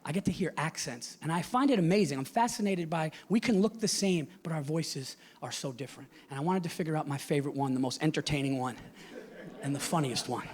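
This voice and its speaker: A male stand-up comedian performing on a theater stage, ranting with constant profanity and swinging from hushed asides to shouting. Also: a little high, brisk. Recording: live audience laughter and room noise.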